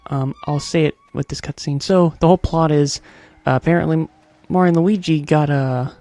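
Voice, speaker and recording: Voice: medium pitch, steady tone, normal speed, mellow, no room sound, soft background music. Rambling casual gameplay commentator. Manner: rambling, chatty, hums little tunes.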